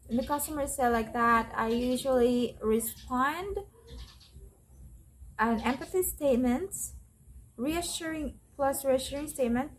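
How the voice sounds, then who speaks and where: Brief: non-native English woman, call center agent, slow, higher voice, faint background noise. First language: not English. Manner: explains patiently, repeating phrases and restarting. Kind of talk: casual tutorial.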